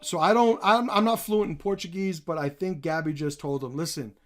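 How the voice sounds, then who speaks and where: A man hosting a reaction video, talking bluntly with plenty of swearing and animated emphasis. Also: high-pitched, brisk. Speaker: commentary channel host.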